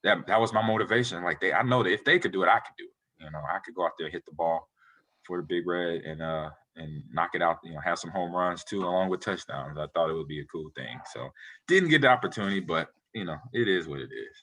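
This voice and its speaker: A man in his forties, a retired football player, telling animated, rambling stories as a guest in a casual interview. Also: deep voice, fast talker. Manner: animated, rambling storyteller who acts out quotes.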